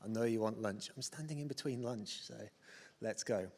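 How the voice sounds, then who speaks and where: A man's voice: lowish voice, moderate pace, darkish tone. A British man in his thirties giving a self-deprecating, chatty conference talk with plenty of fillers and restarts. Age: 30s. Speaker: conference speaker. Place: large conference hall on stage. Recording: hall reverb from a stage mic.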